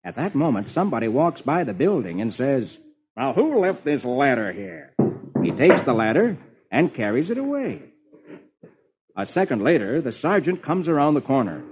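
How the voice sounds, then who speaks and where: A man's voice: medium pitch, very animated, normal speed, slight background noise. A man hosting an old children's radio show, reading the comics aloud in a playful, sing-song storytelling manner. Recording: muffled old radio broadcast.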